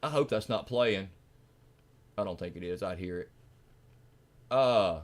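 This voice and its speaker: A man from Mississippi with a Southern accent, hosting a livestream and ranting in a fiery, preachy way, often breaking into shouts. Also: on the low side, expressive, moderate pace, pauses often. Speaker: livestream host.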